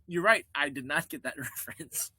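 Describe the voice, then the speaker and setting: A man co-hosting a podcast in casual chat, animated and laughing often as he talks things over. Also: on the high side, normal speed, slightly rough, no echo. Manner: animated, quotes people in put-on voices, laughs often. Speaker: podcast co-host.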